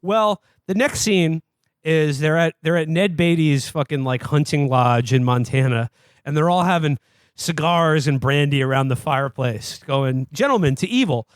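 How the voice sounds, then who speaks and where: Podcast co-host, male, higher-pitched, profane and animated film recapper, dry close mic. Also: a little slow, clean tone, dry recording. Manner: profane, animated retelling with mocking quoted voices. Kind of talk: casual comedic movie recap.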